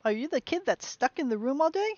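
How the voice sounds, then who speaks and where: A friendly little boy who keeps coaxing and questioning, as a woman reads him aloud. His voice is somewhat high. The sound is dry and a bit dull. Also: big pitch swings, quick pace, a little mellow, no echo.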